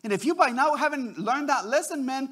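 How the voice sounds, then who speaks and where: A man preaching with a strikingly high, bright voice that rises and falls a great deal. He restarts and repeats words as he goes and breaks into acted-out quotes. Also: expressive, a little fast. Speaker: pastor. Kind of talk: sermon.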